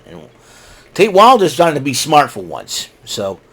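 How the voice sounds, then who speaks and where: A man's voice: on the high side, wildly swooping pitch, a little slow, a bit bright, breathy edge. A man hosting his own podcast, recapping a show in a casual, rambling, opinionated way, mocking the people he talks about. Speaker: podcast host.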